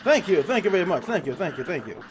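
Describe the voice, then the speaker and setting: A man commenting on a video game as he plays, excitable and swearing, laughing at his own fails. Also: high-pitched, quick pace, noisy background. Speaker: gaming YouTuber. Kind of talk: let's play commentary.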